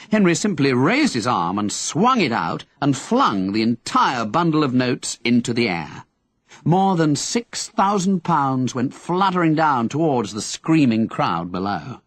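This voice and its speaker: A man narrating an audiobook in an expressive storytelling manner. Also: medium pitch, breathy edge, no echo. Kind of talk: scripted narration.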